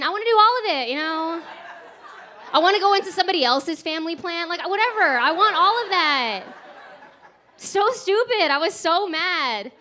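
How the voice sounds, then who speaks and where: A woman's voice: sits high, sharp tone, slight background noise. A woman from Texas performing a stand-up set at a comedy club, chatty and self-mocking, laughing through her punchlines. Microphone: handheld stage mic.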